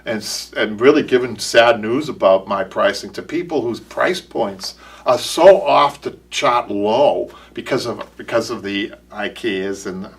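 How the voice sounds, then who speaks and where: A man's voice: on the low side, unhurried, husky, distant mic. Rambling Boston-accented man, off-mic. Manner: rambling, repeats words, self-correcting. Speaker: upholstery shop owner and show host. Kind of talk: casual live-stream chat.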